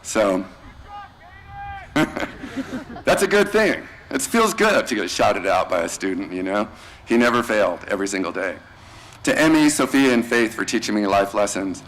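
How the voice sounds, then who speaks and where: At a graduation ceremony, a teacher with a fairly low, sing-song voice speaks briskly, warmly thanking each student by name in slangy, relaxed terms. The recording is rough, with slight background noise.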